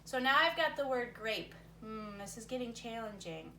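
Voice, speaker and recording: A woman's voice: on the high side, expressive, moderate pace, sharp tone. Woman, teacher, encouraging reading lesson, thinks aloud, distant roomy sound, faint background hiss. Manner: encouraging, talks through her thinking aloud. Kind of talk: recorded reading lesson for young students.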